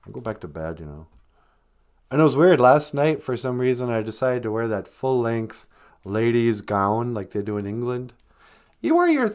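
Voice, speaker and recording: A man hosting a livestream podcast, telling a rambling deadpan tall tale full of hesitations. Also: medium pitch. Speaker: podcast host. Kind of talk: comedic storytelling on a livestream.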